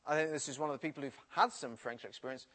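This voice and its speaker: A man's voice: mid-range voice, quick pace. A man from the English Midlands with a Midlands accent, preaching and telling a personal story from his school days. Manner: storytelling, animated retelling.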